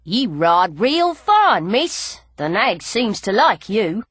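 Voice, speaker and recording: A man's voice: sits high, sing-song, slow, a bit bright, slightly rough, no echo, exaggerated voice. A woman reader voicing a small, cocky male jockey of about thirty with a Cockney accent and an easygoing, drawling way of talking. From London.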